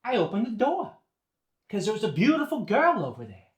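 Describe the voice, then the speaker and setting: A man with a broad Boston accent shows off the dialect. His pitch swings widely and he playfully stretches his vowels. The room is echoey. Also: huge pitch swings, fairly quick. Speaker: guest demonstrating a dialect. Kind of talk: accent demonstration.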